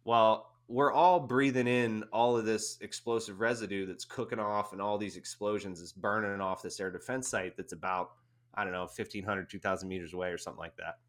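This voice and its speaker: Lower-voiced man telling a war story. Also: brisk. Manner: animated anecdote-telling with frequent laughter. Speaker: guest, army veteran. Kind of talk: casual storytelling.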